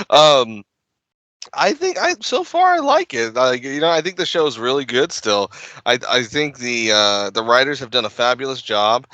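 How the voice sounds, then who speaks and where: A man co-hosting a casual podcast chat, animated and quick to laugh. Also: medium pitch, no echo. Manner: animated, laughs often, does quick impressions. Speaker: podcast co-host.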